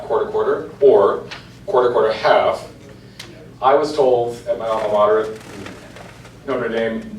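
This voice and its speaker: A man with a mid-range voice, captured on a distant mic, is a church cantor giving an informal lecture to an adult class. He chants example lines in rhythm in a church meeting room, where the recording is echoey, faraway and faintly hissy.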